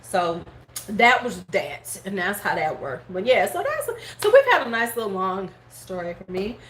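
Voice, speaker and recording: A middle-aged woman hosting a live stream, casually telling a story in animated fashion, swearing freely and acting out her relatives' words. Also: medium pitch, moderate pace. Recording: roomy echo, faint background noise.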